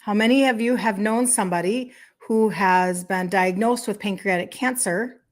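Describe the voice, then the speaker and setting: A woman's voice: medium pitch, moderate pace. A woman in her fifties, a health coach, talking casually on a live stream, emphatic and chatty, repeating key points and checking in with "okay?". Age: 50s. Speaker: health coach hosting a weekday live show.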